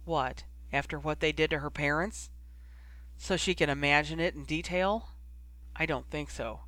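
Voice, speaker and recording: A man voicing a guarded young wizard who speaks quietly and bitterly. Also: on the high side, normal speed, dry recording.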